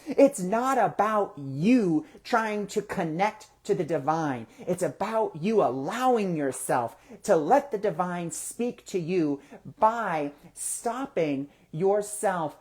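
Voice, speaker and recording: Guy hosting a spiritual chat, talks casual, throws out questions to the listener, bit low and soft for a guy's voice? no, just easy and chatty. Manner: conversational, asks rhetorical questions and acts out quoted thoughts. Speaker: host of a spiritual discussion.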